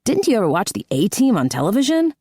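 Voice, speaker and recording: A woman's voice: medium pitch, wildly swooping pitch, quick pace, dark tone, slightly rough, no echo, studio quality, pitched above the performer's own voice. Woman doing a teasing trash-talking hockey player. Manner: mocking, needling.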